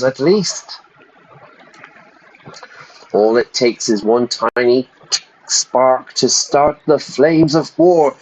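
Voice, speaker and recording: A man's voice: lowish voice, darkish tone, highs cut off. A man streaming a game who reads its text aloud and stops to explain vocabulary, chatty, and now and then stumbling over repeated words. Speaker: English teacher streaming a game.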